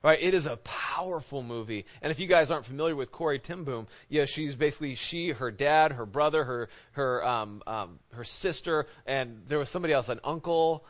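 Man preaching casually, lo-fi sound. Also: medium pitch. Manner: informal, halting, often asks "right?". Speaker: pastor. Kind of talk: conversational sermon. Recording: dull lo-fi recording.

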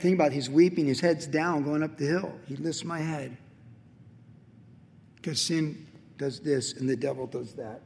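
Pastor, male, higher voice, big swings from fervent preaching to whispered intimacy, long reverb of a sanctuary. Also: fairly even intonation, normal speed, vocal fry. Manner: swings from loud emphatic preaching to hushed near-whisper. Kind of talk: sermon.

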